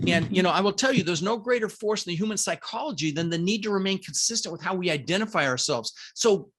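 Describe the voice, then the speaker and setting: A middle-aged man talking as an interview guest, speaking from his room at home. He sounds energetic and emphatic, hitting his points hard and calling his listeners "guys". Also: sits high, quick pace. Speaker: guest, business coach. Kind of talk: energetic motivational interview talk. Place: home room with green screen.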